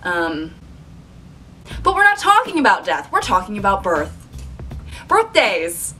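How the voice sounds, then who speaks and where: A woman's voice: mid-range voice, wildly swooping pitch, a little slow, long pauses, sharp tone, slightly rough, recorded from a distance, soft background music. A young woman talking in a wry, sarcastic, chatty way while narrating a comedy sketch. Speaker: comedy creator.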